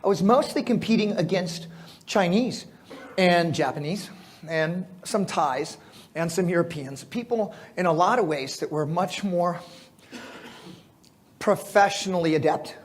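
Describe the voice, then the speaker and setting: A middle-aged man from the United States telling lively stories to an audience at a fitness symposium, with fillers, restarts and laughter. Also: high-pitched, unhurried. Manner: animated, laughing storyteller with filler words and restarts. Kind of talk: storytelling talk to a live audience.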